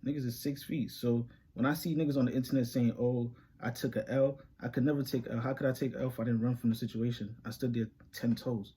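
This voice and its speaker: Young New guy, husky mid-pitched voice, animated slangy storyteller for a vlog. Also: fast talker, hardly any pauses. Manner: animated, laughs often, slangy street talk. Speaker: reaction channel host. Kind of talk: casual storytelling to camera.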